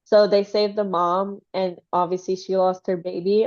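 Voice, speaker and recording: A woman hosting a casual chat, retelling a story in an animated way with many "like" fillers. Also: mid-range voice, normal speed. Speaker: host. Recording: slightly dull lo-fi sound.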